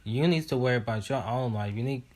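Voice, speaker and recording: A man's voice: medium pitch, fast, darkish tone. A man hosting a reaction video, indignantly talking back at the screen in casual commentary.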